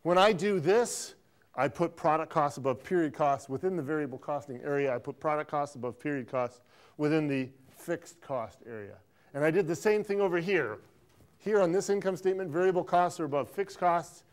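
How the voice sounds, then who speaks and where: A man's voice: fairly high pitch, fairly quick. A middle-aged man lecturing an accounting class, playful and teasing, quizzing students and repeating his praise. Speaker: accounting professor.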